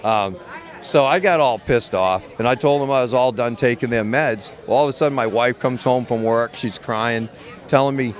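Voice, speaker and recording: Loud background music runs beneath this interview, along with a faint crowd. A middle-aged Maine man, a medical cannabis caregiver, recounts his story at a moderate pace in a mid-range voice, swearing freely, wandering, and frequently starting over.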